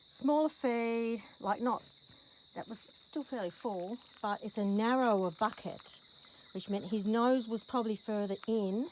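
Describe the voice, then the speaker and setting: Australian woman, fairly high, very lively voice, rambling chatty vlog in a paddock, faint insect noise behind. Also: poor audio. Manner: chatty, rambling, coaxing the horse in a high sing-song call. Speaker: horse owner filming her rescue horse. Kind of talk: casual vlog to camera. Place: outdoors in a paddock. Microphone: handheld phone camera.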